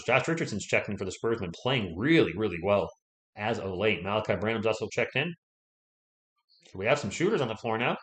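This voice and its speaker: A man with a somewhat low, a bit bright voice does casual solo play-by-play on a livestream, speaking a little fast with lively intonation. Chatty between plays, he reads viewers' messages aloud and thanks them.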